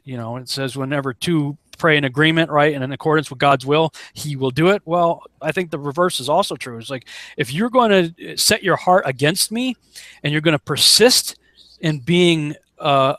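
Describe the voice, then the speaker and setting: A man leading a casual online Bible study, animated, acting out quotes in a raised voice and chuckling often. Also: on the high side, no echo. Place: home setup on a live broadcast.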